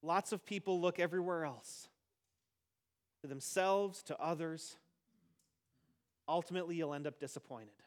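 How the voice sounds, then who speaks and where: A pastor preaching a sermon, speaking emphatically and slowing down to stress key phrases, sometimes soft and sometimes loud. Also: male voice, a little high.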